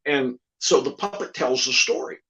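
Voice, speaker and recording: A ventriloquist telling a comic story in a chat, a lively storyteller who repeats lines for effect. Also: male voice, mid-range voice, normal speed, crowd noise. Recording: slightly dull lo-fi audio.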